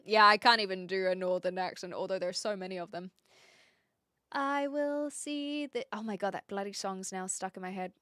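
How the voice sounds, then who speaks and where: A woman's voice: mid-range voice, moderate pace, sharp tone, no echo, studio quality. A woman from New Zealand with a posh-leaning Kiwi accent, chatting playfully and laughing with her live-stream chat. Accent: New Zealand, mixed and posh-leaning. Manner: playful, giggly, self-mocking.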